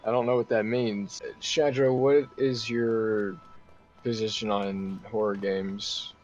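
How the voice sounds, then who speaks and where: A man's voice: lowish voice, flat delivery, takes it slowly, darkish tone. A man chatting casually during a gaming stream, slightly nasal, swearing freely and full of "like" fillers. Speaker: streamer and co-host. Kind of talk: casual chat while gaming. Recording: faint game music behind.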